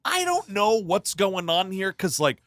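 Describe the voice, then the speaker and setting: Bright-voiced man recapping a movie. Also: high-pitched, big pitch swings, unhurried, dry recording, clean studio sound. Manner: recaps scenes with silly quoted voices, swears. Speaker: podcast co-host. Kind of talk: casual comedic movie chat.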